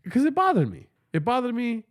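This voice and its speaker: Animated, profane male storyteller. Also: very high-pitched, fast. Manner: profane, rambling, keeps asking the listener. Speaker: podcast host. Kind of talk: comedic storytelling monologue.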